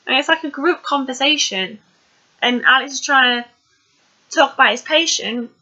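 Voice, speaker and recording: A woman's voice: high voice, moderate pace, bright, forceful tone, muffled recording. A woman casually recapping a TV episode, chatty and rambling with plenty of fillers.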